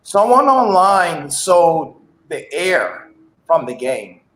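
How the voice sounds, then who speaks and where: A man's voice: on the high side, sing-song, takes it slowly, fairly bright tone. A man on a podcast, laid-back and drawling, often adding "man" as he jokes. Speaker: podcast guest. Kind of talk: casual comedic chat. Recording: echoey room.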